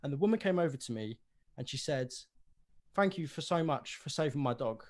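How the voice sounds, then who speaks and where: A man's voice: a little high, expressive, fairly quick, darkish tone, lightly acted. Man playing an earnest young devotee. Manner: earnest, eager storytelling.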